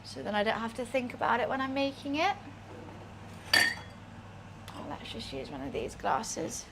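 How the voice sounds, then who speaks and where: A woman's voice: fairly high pitch, big pitch swings, measured pace, very noisy. A young woman chatting casually to herself while cooking on a livestream, swearing now and then. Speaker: streamer.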